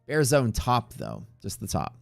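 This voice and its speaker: A man hosting a live trading stream, chatting casually in a rambling way with profane jokes and quick asides to viewers. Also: medium pitch, huge pitch swings, creaky, no echo, faint music behind. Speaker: livestream trading host.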